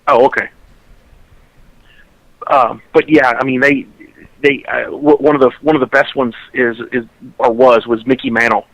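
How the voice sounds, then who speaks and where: A man's voice: medium pitch, animated, normal speed, vocal fry, long pauses, dry recording, dull audio. A man, a podcast co-host telling a long story in casual chat, rambling and restarting his sentences.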